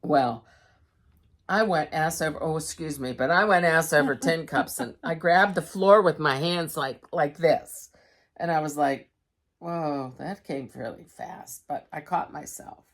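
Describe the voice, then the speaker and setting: Woman, middle-aged, slightly low voice, candid, chatty home vlog storytelling. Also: unhurried. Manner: chatty, candid, tells stories. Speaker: vlogger. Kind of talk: casual chat to camera.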